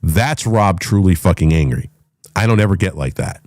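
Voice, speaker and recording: A middle-aged man hosting a talk show, ranting with loud, profane, emphatic delivery and a voice that swings up and down. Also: sits low, expressive, moderate pace, no echo, studio quality. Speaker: podcast host.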